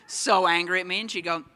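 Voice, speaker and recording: Young man doing animated stand-up. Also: a little high, creaky. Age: young adult. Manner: animated, self-mocking. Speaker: stand-up comedian. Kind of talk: stand-up comedy set.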